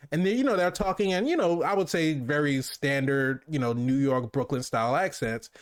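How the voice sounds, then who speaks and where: A man's voice: fairly high pitch, a little fast, hardly any pauses, clear, resonant tone. Male co-host, casual film-review chat, meandering delivery full of restarts. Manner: rambling, many restarts and fillers.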